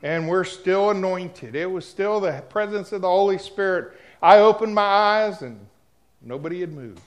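A man preaching a sermon, telling a personal story and talking straight to the congregation, dropping to a hush at times and rising loud at others. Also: high voice, expressive, moderate pace. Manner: storytelling, swings from hushed to loud; addresses the congregation directly.

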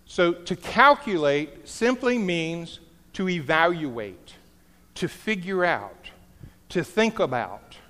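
Slow and sing-song, this middle-aged pastor's fairly high, fairly bright voice carries a sermon story sprinkled with jokes. A big hall lends it a long, echoing reverb.

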